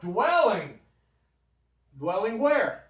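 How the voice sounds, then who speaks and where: A man's voice: high-pitched, sing-song, very slow, fairly bright tone. A man teaching a Bible study in a church room, talking conversationally and putting questions to the group. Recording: roomy, from a distant mic.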